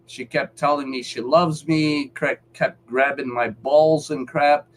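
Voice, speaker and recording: Man, higher-pitched voice, angry live-stream rant, swearing, repeating himself. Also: fairly even intonation, slow, a little hiss or hum, low-quality recording. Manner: heated, profane, repeats himself. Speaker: featured speaker on a live call-in show.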